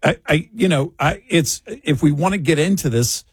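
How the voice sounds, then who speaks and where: A man's voice: fairly high pitch, normal speed, slightly rough, no room sound. An older man co-hosting a talk show, chatting casually and rambling with frequent restarts. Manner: rambling, self-correcting, chatty.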